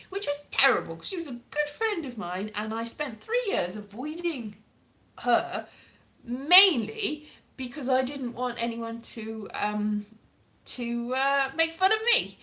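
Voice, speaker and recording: A woman's voice: a little high, very animated, measured pace, bright, forceful tone. A middle-aged woman from Wales, rambling through a casual, self-mocking monologue. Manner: chatty, wandering, self-mocking. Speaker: vlogger.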